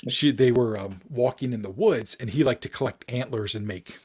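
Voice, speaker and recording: A man's voice: medium pitch, moderate pace, husky. A man, a paranormal researcher guest, telling a story in casual chat and acting out the people in it. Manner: animated storyteller acting out quoted voices.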